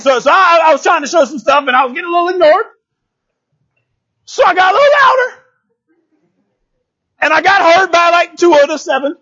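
A male pastor giving a lively, conversational sermon, speaking straight to his congregation and often checking in with them. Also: extremely high pitch, slightly rough, dull audio. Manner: animated, talks straight to the congregation, often asks "you know what I'm saying?".

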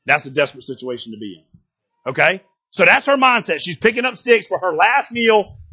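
Male pastor, lively sermon, high bright husky voice, dull lo-fi recording. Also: normal speed. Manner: animated and playful, acts out characters, rises to shouts.

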